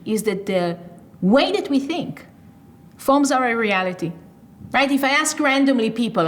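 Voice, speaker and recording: A woman hosting an interview, earnestly explaining ideas step by step and checking in with rhetorical questions. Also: on the high side. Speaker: podcast host.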